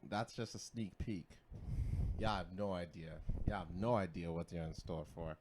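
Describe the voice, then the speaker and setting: A man's voice: moderate pace, background noise. A man co-hosting a casual podcast, playful and prone to bursting into song. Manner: playful, bursts into loud falsetto singing. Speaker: podcast co-host.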